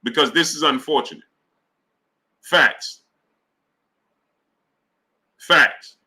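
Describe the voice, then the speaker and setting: A man hosting a live boxing stream, reading viewer super chats and greeting them by name in an animated, casual way. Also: a little high, very slow, poor audio. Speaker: boxing talk show host.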